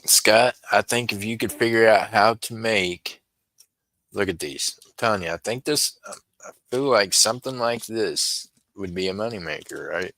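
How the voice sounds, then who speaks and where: Low-voiced chatty man. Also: normal speed, pushed and bright, dry recording, rough recording. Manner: rambling, chatty, talks to viewers by name. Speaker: livestream seller. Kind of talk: casual livestream chat.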